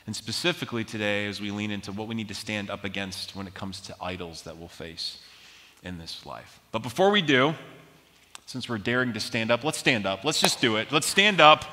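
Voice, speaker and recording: A man preaching in a large church auditorium, his very bright, forceful voice carrying a long hall reverb. He is an animated storyteller who pokes fun at himself between points of the sermon. His pitch sits in an ordinary middle range for a man. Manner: animated, self-mocking storyteller. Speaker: pastor.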